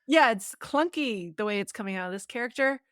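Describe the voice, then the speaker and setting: A woman's voice: fairly high pitch, animated, a bit bright, smooth, no echo, clean studio sound. A woman co-hosting a podcast, chatting casually and with strong opinions as she reviews a movie. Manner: chatty, opinionated, quick to joke. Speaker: podcast co-host.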